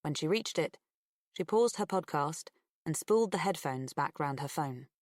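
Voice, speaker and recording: A woman reading an audiobook in a low, unhurried voice that rises and falls with wide expression. Her tone is bright and clear, and the recording is dry and close with no room sound. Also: lively intonation, no room sound. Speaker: audiobook narrator. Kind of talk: scripted narration.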